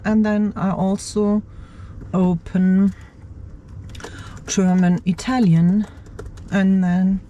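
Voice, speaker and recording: A woman's voice: mid-range voice, dark tone, a little hiss or hum. A woman vlogger in her car's driver's seat, thinking aloud as she works. She mutters to herself, hesitates and repeats words. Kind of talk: thinking aloud while working on a computer.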